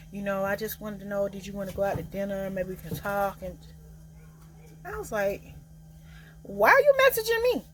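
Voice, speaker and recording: A young woman telling a casual storytime, loud and sassy, acting out each quote. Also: noisy background. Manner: animated, acts out quotes with big pitch jumps; loud, sassy, Southern Black vernacular. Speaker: storyteller vlogger.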